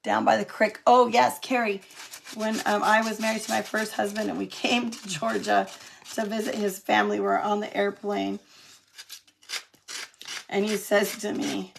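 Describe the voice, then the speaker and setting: A woman's voice: mid-range voice, expressive, moderate pace, gravelly, a little hiss or hum. A middle-aged woman from California chatting through a live craft demo, laughing often and answering viewer comments as she works. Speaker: craft demonstrator on a live stream.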